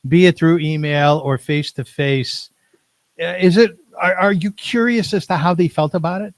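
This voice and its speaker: A man's voice: fairly high pitch, normal speed, no room sound. A man hosting an interview, asking questions with frequent false starts and repeated words. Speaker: podcast host.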